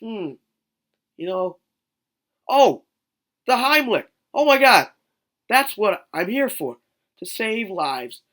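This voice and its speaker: A man voicing an excited old man who plays the hero in a mock-dramatic, theatrical way. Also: sits high, slow, long pauses. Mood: mock heroic.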